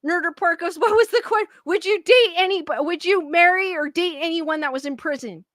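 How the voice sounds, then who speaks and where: Woman streamer reading chat, defensive and giggly; high bright voice, dry close sound. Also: normal speed, no echo. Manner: defensive, laughs often, restarts sentences. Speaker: livestream host reading chat. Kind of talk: casual livestream chat.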